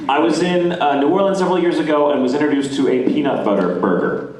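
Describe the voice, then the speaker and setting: A man's voice: a little high, fast. A man voice actor on a convention panel who talks in an easygoing, wry way. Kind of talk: casual convention panel talk. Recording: echoey hall from far off with crowd.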